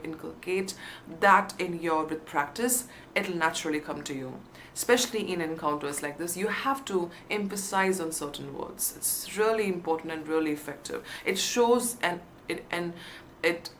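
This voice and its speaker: A woman with a lowish, fairly bright voice gives job interview coaching directly to the camera. She's encouraging and upbeat, hitting key words with emphasis. Some slight background noise can be heard.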